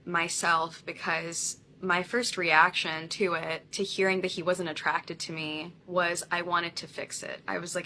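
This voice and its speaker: A woman speaks candidly into the camera about a painful personal experience. Her voice is bright, and she often laughs lightly. A faint ambient noise sits behind her. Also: on the low side, level tone, measured pace, few pauses. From India. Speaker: content creator.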